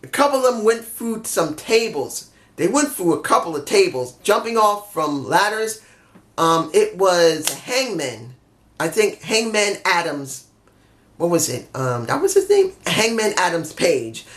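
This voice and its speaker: A man casually reviewing a wrestling show, excitable, swearing freely and laughing often. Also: high-pitched.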